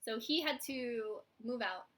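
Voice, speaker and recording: Bright, chatty Philadelphia woman. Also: a little high, unhurried. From Philadelphia, USA. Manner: chatty and self-mocking, acts out quoted voices. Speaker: vlogger. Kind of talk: casual live chat.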